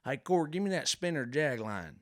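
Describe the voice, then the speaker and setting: Man putting on a shrill nasal-sounding redneck fishing buddy, barking, mocking, strained high voice. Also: very animated. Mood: demanding. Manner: barking rapid nonsense bait names. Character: loud mocking rural male fishing buddy.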